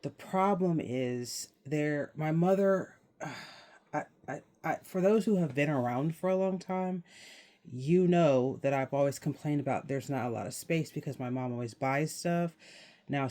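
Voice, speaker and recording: A man's voice: fairly high pitch, unhurried, a little mellow. A young man talking casually to his viewers as the channel host, rambling and laughing as he explains things. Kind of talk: casual vlog chat.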